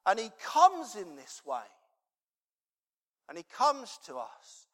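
A man with a high voice preaches conversationally, wandering through a personal story with plenty of ums and restarts. His voice rings out with a long reverb, as if he were in a large hall. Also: wildly swooping pitch, slow, a bit bright. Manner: rambling, conversational, many fillers.

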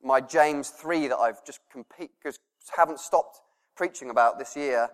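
A male pastor preaching a sermon, earnest, laughing softly and dropping to a hush when he quotes prayers. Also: medium pitch, measured pace, in a large hall.

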